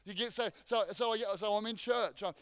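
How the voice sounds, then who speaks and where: A man delivers a lively sermon in a high, clear, resonant voice. He jokes with the congregation and restarts phrases as he goes. The sound is close and dry. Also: moderate pace, no room sound. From Australia. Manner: energetic, joking, frequent restarts. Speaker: pastor.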